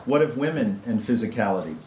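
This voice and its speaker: A man's voice: mid-range voice, lively intonation, quick pace, darkish tone, a little hiss or hum. A man giving an academic conference talk, reading a prepared paper with hesitant ad-libbed asides. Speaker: lecturer. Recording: roomy lecture-hall echo.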